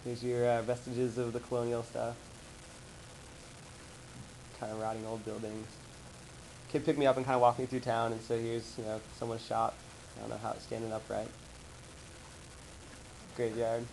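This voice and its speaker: A man giving a casual slideshow talk to colleagues, rambling and animated as he tells stories. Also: mid-range voice, normal speed, vocal fry, long pauses, slight background noise, low-quality recording. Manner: rambling, animated storytelling with acted-out quotes. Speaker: presenter. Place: office meeting room.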